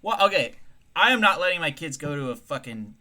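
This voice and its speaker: Lively, bright-voiced man swearing freely. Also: a little high, brisk. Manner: profane, animated, self-mocking. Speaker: podcast co-host. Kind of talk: crude comedic banter.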